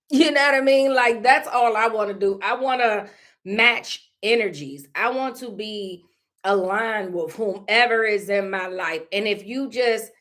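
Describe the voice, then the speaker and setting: Throat-clearing woman talking live. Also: a little high. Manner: candid, conversational, keeps clearing her throat. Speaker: live stream host. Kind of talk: casual live-stream monologue.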